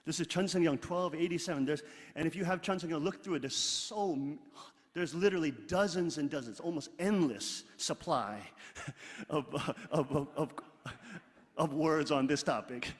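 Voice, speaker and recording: A middle-aged man preaching a sermon, emphatic and animated, loud exclamations alternating with quiet asides, leading his congregation in reading aloud. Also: on the high side, normal speed. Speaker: pastor. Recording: long hall reverb.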